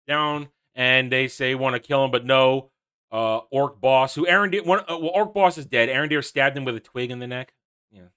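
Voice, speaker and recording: A man's voice: medium pitch, normal speed, bright, forceful tone, clear, resonant tone. A man reviewing a TV episode, sarcastic and exasperated, recapping scenes with frequent restarts. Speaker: YouTube reviewer.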